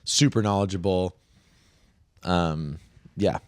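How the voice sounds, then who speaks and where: A man's voice: low-pitched, slow, clean tone, dry recording, studio quality. A man co-hosting a casual podcast, joking loosely and laughing often. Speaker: podcast co-host. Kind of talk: casual chat.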